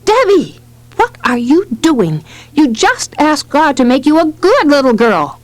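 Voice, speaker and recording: A woman's voice: sits high, sing-song, unhurried, no room sound, pitched above the performer's own voice. A woman putting on an exasperated scolding mother. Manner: sharp, scolding, raised voice. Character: exasperated tidy mother scolding her toddler.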